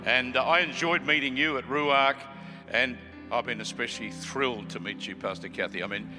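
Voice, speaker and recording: A man in his seventies with an Australian accent, preaching as a guest pastor, joking with the crowd and rising to fervent shouts. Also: mid-range voice, moderate pace, big-room sound, music in the background. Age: 70s. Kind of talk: sermon with joking banter.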